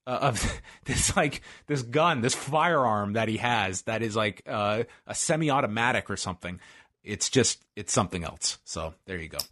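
A man's voice: medium pitch, a bit bright. A man co-hosting a podcast, telling rambling, jokey stories in casual chat. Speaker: podcast co-host.

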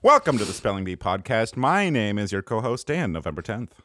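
A man co-hosting a podcast in casual, joking banter, heard through slightly lower-quality video call audio. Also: sing-song, a little fast, bright, forceful tone. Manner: joking, playful, laughs often. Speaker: podcast co-host.

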